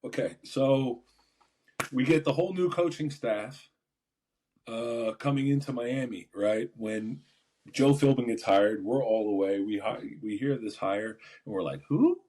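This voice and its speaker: A man, a former football player, telling stories as a podcast guest in a relaxed, rambling way. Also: mid-range voice, measured pace. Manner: relaxed, rambling, many fillers and restarts. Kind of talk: casual storytelling.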